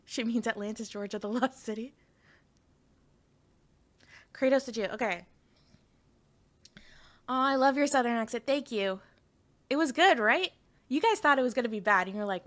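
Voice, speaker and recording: A woman's voice: on the high side, normal speed, long pauses, fairly bright tone. Rambling, giggly woman streamer. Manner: rambling, giggly, lots of fillers. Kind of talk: casual live-stream chat.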